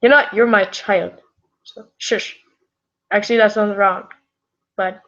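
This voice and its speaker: A woman's voice: medium pitch, fairly even intonation, a little slow, long pauses, a bit bright, highs cut off. A woman casually reading fan fiction aloud, rambling and correcting herself with chatty asides.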